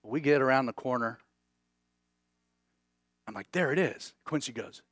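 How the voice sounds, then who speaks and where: A man in his thirties preaching a sermon, moving between loud, emphatic points and quiet, hushed storytelling. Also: medium pitch, measured pace, no echo, clean studio sound. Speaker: pastor.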